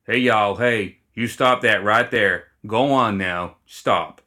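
A man's voice: lowish voice, moderate pace, a bit bright, lightly acted. A man doing a goofy drawling gremlin boss. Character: goofy, reckless male gremlin gang leader.

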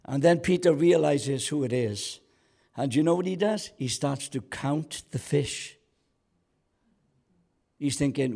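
A man preaching a sermon in a church, swinging between loud calls to the congregation and quiet storytelling. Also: mid-range voice, measured pace. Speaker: pastor.

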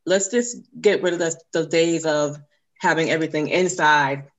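A woman guest on a podcast, a forgiveness coach, speaking earnestly and encouragingly and spelling details out slowly. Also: low-pitched.

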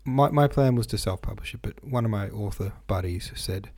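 A man hosts his own podcast in a loose, meandering chat, stopping and restarting his sentences often. His voice sits fairly low with a gravelly edge. The tone is husky and mellow. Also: moderate pace. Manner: rambling and hesitant, many fillers and restarts. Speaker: podcast host and novelist. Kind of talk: casual solo podcast chat.

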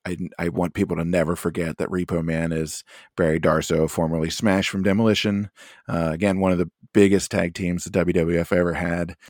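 A man's voice: low voice, flat delivery, brisk, a little mellow, no room sound, clean studio sound. A man co-hosting a wrestling podcast, chatting casually in a wry, rambling way with fillers. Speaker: podcast co-host. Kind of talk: casual chat.

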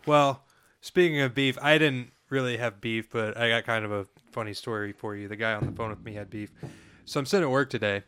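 A man's voice: medium pitch, brisk, a bit bright, a little hiss or hum. A young man co-hosting a podcast, chatting casually and telling a rambling story with frequent restarts. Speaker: podcast co-host. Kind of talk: casual sports chat and storytelling.

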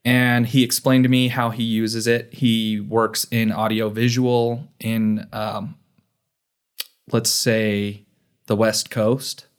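A man's voice: on the low side, level tone, slow pace, smooth. A man co-hosting a podcast in casual chat, joking and explaining with many fillers. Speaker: podcast co-host.

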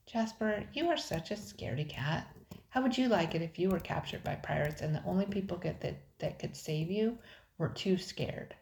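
A woman's voice: lowish voice, animated, moderate pace, vocal fry, darkish tone, roomy sound, slight background noise. An older woman voicing Nicole, a brave, determined little sister in a storybook. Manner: determined, bold.

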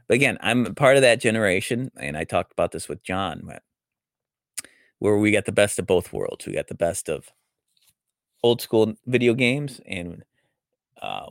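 A man's voice: sits low, creaky, no room sound, clean studio sound. A man in his forties hosting a live show, rambling casually with many fillers and restarts. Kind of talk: casual live-stream monologue.

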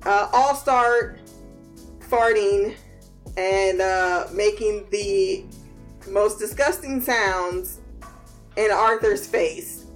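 Slow-talking, animated woman recapping. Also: mid-range voice, soft background music. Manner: animated, acts out characters' lines, laughs often; slangy, swears casually. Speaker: episode recap vlogger. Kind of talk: casual recap.

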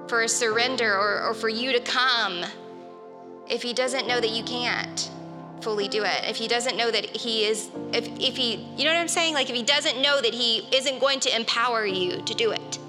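A woman preaching a sermon in an earnest, conversational way, with casual fillers. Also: a little high. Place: church hall. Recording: long reverb of a church hall.

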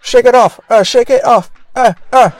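A man voicing a fed-up American man in a portable toilet, shouting whiny demands in a raised voice. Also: very high voice, moderate pace, a little hiss or hum, pitched above the performer's own voice.

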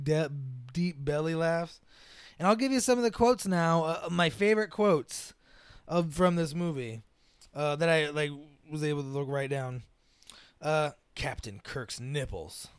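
A man co-hosting a casual movie review podcast, excitable and profane, laughing often as he retells favorite scenes. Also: fairly high pitch, a little slow, smooth, no echo, studio quality. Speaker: podcast co-host.

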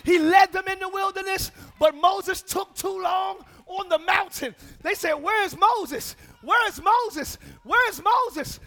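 Man, pastor, sermon, bright sharp tone, shouting, call-and-response. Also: very high-pitched, unhurried, few pauses. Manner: drops to quiet asides and laughs. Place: church.

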